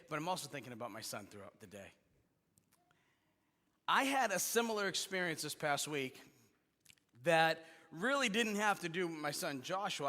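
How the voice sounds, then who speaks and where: Male pastor, sermon, conversational, joking, fairly high voice, long church reverb. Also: sharp tone. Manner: conversational and joking, with fillers and restarts. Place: church sanctuary.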